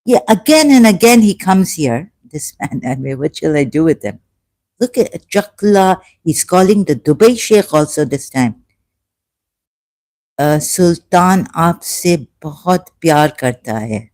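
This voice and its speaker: Lowish, mellow woman streamer, halting and indignant. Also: big pitch swings. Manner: halting, many fillers, indignant. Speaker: YouTuber. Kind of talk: live-stream commentary reading chat.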